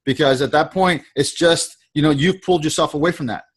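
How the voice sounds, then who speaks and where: A man's voice: fairly high pitch, fairly quick, slightly rough. A man coaching a sales trainee on a video call, talking in a casual, repetitive way and acting out the lines he quotes.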